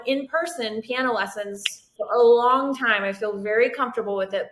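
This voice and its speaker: A woman's voice: mid-range voice, fairly bright tone, echoey room, slight background noise. A woman guest on a live coaching call, chatty and self-deprecating. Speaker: piano teacher, guest caller. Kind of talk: casual live-call conversation.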